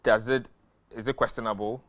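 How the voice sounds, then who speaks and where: Probing Ghanaian talk show host, halting. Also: male voice, lowish voice, steady tone, fairly bright tone, dry recording. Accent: Ghanaian English. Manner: probing, halting, restarts often. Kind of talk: studio talk show questions.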